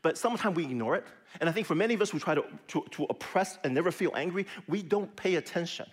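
A middle-aged pastor preaches in a chatty, animated voice that leaps around in pitch and sits a little high for a man. He lets key words drop into a hushed near-whisper. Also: quick pace, slightly rough. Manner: lively, conversational preaching with sudden soft drops. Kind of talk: sermon.

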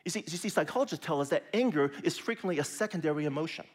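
Male pastor, sermon, middle-aged, animated delivery, fairly high voice, soft hushed asides. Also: rapid-fire. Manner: lively, conversational preaching with sudden soft drops.

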